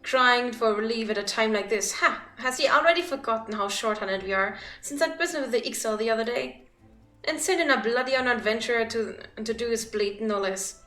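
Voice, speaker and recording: A woman voicing a hot-tempered forest guard captain who rants in rough folksy speech while reading game dialogue aloud. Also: fairly high pitch, brisk, pushed and bright, echoey room, soft background music. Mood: angry.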